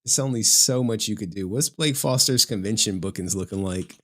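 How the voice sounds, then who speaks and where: A man's voice: fairly low pitch, normal speed, fairly bright tone. A tired man talking casually on a live stream, loose and chatty, swearing now and then. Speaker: commentary streamer.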